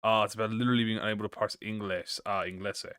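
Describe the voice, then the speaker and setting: A man's voice: on the low side, steady tone, quick pace, pushed and bright, clean tone, dry recording, studio quality. A man livestreaming, chatting casually with viewers and reading a story aloud, stuttering and restarting often. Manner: encouraging, talks to chat with slang.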